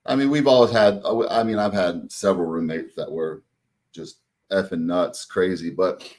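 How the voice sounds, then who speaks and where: Man, very deep voice, casual host, loose filler-heavy talk. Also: normal speed, darkish tone. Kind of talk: casual interview chat.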